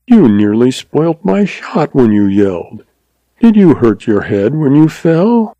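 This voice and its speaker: A man voicing a cool, teasing young woman in a storybook reading, speaking in a deliberate, sweet, mocking way. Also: medium pitch, sing-song, mellow, no room sound. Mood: sweetly mocking. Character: young woman, cool, teasing, sharp-shooting rancher's daughter.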